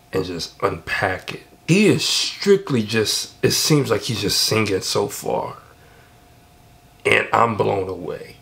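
A man giving excited, emphatic casual commentary while reacting to a song. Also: on the low side, creaky. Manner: excited, emphatic, repeats himself. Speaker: music reaction vlogger.

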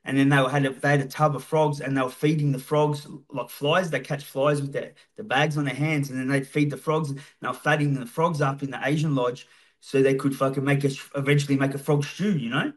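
A man's voice: medium pitch, fairly even intonation, a little fast. An Australian man telling stories casually as a podcast guest, swearing freely. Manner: swears freely, laid-back. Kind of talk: casual storytelling.

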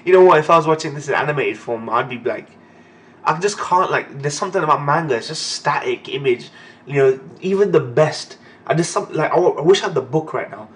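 A man's voice: a little high, lively intonation, brisk. A young man giving a live reaction to reading manga, talking emotionally and swearing freely, ending phrases with "man". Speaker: anime and manga reaction host.

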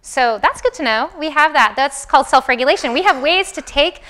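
A woman's voice: sits high, brisk. A woman lecturer talking to a class in a conversational way, asking the students questions directly. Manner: acts out soothing and excited voices. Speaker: university lecturer. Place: lecture room.

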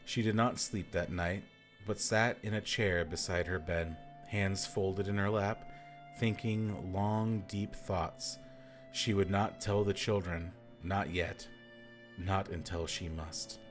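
A man's voice: low-pitched, fairly even intonation, slow pace, faint music behind. A man hosting a podcast, reading a book aloud and breaking off for dry, wry asides. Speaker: reader and podcast host.

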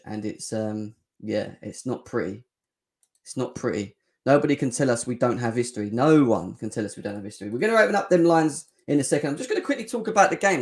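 A young man hosting a live fan reaction show, excitable and slangy, often shouting and joking. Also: on the high side. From England. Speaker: fan channel host.

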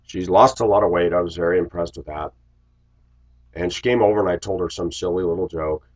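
A man from Los Angeles, a bus driver, telling workplace stories in a blunt, opinionated way and often clearing his throat. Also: sits low, fairly quick, rough recording. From Los Angeles, USA. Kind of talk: casual storytelling monologue.

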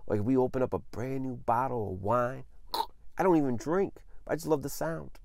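Excited man gushing over a record. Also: mid-range voice, normal speed, vocal fry, no echo, clean studio sound. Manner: enthusiastic, effusive, says "man" constantly. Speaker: vinyl unboxing vlogger. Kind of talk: casual unboxing chat.

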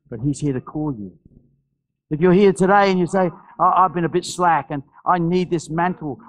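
Impassioned male pastor preaching. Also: poor audio. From Australia. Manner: impassioned, repetitive preaching with many restarts; drops to soft, low storytelling voice for anecdotes. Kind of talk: sermon with altar call.

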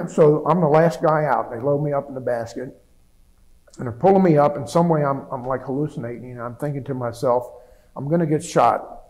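A man's voice: mid-range voice, brisk, darkish tone, low-quality recording. An older man, a veteran, telling his wartime story in a plainspoken, rambling way with many restarts. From United States. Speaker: veteran interviewee. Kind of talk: oral history recollection.

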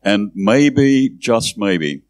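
A man's voice: lowish voice, expressive, very slow, darkish tone, dry recording. A male pastor leading the church into a song and altar call, earnest and inviting, repeating phrases for emphasis.

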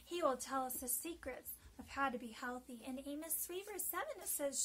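A woman who teaches Sabbath School reads a story to children in a gentle, deliberate way with dramatic emphasis. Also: high-pitched, animated, a little hiss or hum, low-quality recording.

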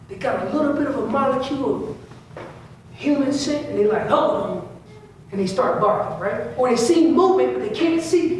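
A man giving an informal elk-calling seminar in a large indoor store space. He repeats key phrases, voices what the elk are thinking, and uses casual slang. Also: very high voice. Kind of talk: informal hunting seminar talk. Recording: echoey room, speaker far from mic, faint hum.

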